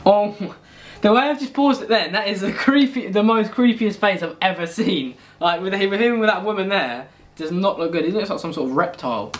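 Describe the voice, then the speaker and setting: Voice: medium pitch, brisk, slight background noise. A video host, reacting to a song in casual, chatty commentary and often breaking off mid-sentence. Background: song playing.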